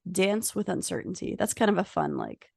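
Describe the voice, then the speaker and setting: A woman's voice: medium pitch, huge pitch swings, a little fast, creaky, a little mellow, dry recording, studio quality. A woman co-hosting a podcast, chatting casually and animatedly with lots of fillers. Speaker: podcast co-host. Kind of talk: casual chat.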